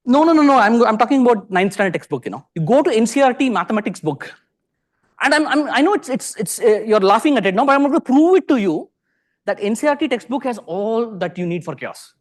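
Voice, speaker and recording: Animated Indian man giving a lecture. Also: very high-pitched, fast talker. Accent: Indian English. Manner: animated, peppers sentences with rhetorical questions. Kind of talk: conference lecture to a live audience. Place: lecture hall.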